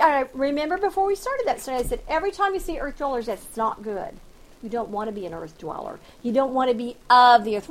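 Woman with a high voice doing a bible study, reads the verses big and dramatic then chats through them, bit sarcastic. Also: fairly bright tone, poor audio. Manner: reads scripture aloud with dramatic emphasis, then explains it plainly; conversational, with sarcastic asides. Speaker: Bible teacher.

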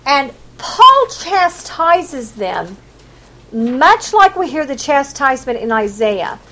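A woman preaching a sermon in a high voice. She leaps up and down in pitch and hammers her points home. She acts out the quoted voices with big swings. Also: very animated, slow, sharp tone, rough recording.

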